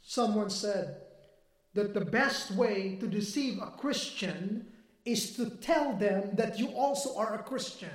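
High-voiced man preaching in an echoey room. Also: animated, slow pace. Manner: emphatic preaching, rising to near-shouting. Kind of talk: sermon.

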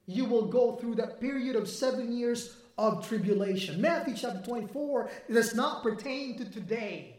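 A man delivers a sermon, pressing his points with emphatic, swelling force that nears a shout. His voice sits remarkably high for a man. The room around him rings with echo. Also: expressive, moderate pace, few pauses. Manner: emphatic preaching, rising to near-shouting. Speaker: preacher.

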